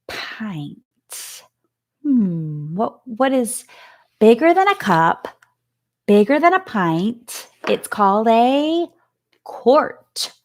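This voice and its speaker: A woman's voice: mid-range voice, darkish tone. A woman teacher giving a remote lesson to young children, patiently sounding out letters and words. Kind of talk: remote phonics and math lesson.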